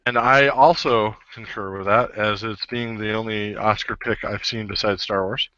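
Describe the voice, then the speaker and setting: A man's voice: lowish voice, fairly even intonation, normal speed, bright, forceful tone, dry recording, dull audio. A man co-hosting a casual podcast, reading out nominees and joking as he stumbles over the words. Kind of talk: casual chat.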